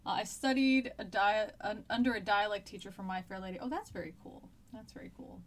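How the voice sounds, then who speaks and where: A woman's voice: medium pitch, a little fast. A woman, a history teacher chatting casually during a live-streamed lesson, rambling with many fillers and restarts.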